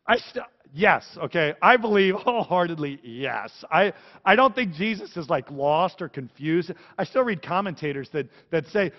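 A man pastor preaching a sermon in an animated, conversational, jokey way. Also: high-pitched, moderate pace. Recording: echoey hall, dull sound.

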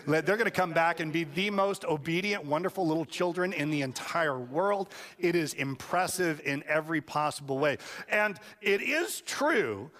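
A man's voice: on the high side, fairly bright tone. A man preaching a sermon as a pastor, telling stories in a casual, joking way. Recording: long hall reverb.

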